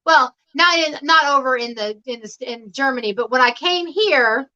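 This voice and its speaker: A woman's voice: sits high, moderate pace, sharp tone. A woman talking casually as a guest on a home livestream, rambling and laughing often over a video call. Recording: dull lo-fi stream audio.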